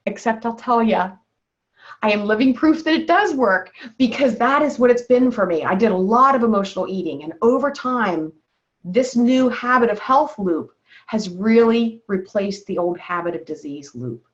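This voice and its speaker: A woman's voice: on the high side, expressive, moderate pace. A woman health coach leading a wellness call, coaching her listeners and checking in with "okay?" after almost every point. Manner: coaching tone, keeps asking "okay?". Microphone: video call. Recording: dull lo-fi video call audio.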